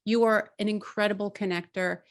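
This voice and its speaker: A woman's voice: medium pitch, steady tone, a little fast. A woman hosting a podcast, effusive and grateful as she praises her guest and wraps up the interview. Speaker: podcast host.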